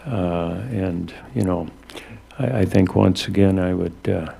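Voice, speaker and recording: A man chairing a city council meeting as acting mayor, talking in a halting, relaxed way with many fillers. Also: sits low, creaky, a little hiss or hum.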